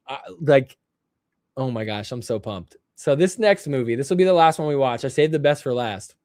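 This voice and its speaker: A young man hosting a live stream, joking and excitable as he reacts to clips and laughs often. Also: on the high side, no room sound, clean studio sound. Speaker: livestream show host. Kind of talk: casual live-stream commentary.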